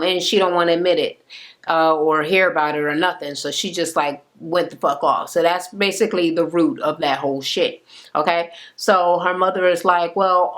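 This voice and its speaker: Woman vlogger, casual profane rant, jumps up in pitch for quoted lines, lively delivery. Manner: profane, animated, acts out quotes in a higher pitch. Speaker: reality TV recap vlogger. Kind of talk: casual ranting recap. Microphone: camera mic.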